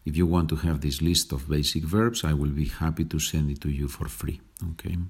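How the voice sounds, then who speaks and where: Brief Male podcast language teacher, deep husky voice, patient and chatty. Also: fairly even intonation, a little mellow. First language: Spanish. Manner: slow deliberate example sentences, chatty asides ending in "okay?".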